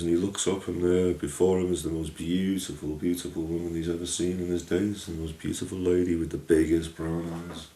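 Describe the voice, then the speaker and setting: A man telling a folk tale in a lively, homely storytelling way. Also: low voice, creaky. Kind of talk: storytelling narration. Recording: echoey room, distant mic.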